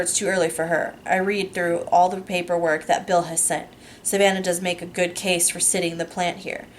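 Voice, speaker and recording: A woman reading a first-person novel aloud, steady and unhurried, with small self-corrections. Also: fairly low pitch, slight background noise. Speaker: audiobook narrator.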